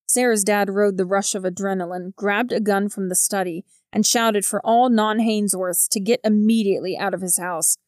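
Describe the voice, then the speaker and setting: Woman narrator, audiobook reading, gravelly voice, steady and measured, dry close sound. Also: mid-range voice, no echo.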